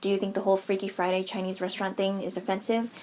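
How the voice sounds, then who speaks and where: A young woman in her twenties from the United States talks straight to camera in an opinionated commentary vlog. Her voice sits at a middling pitch. She is blunt and sarcastic, swears freely, and laughs now and then. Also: level tone, fast, darkish tone, slight background noise. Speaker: YouTuber.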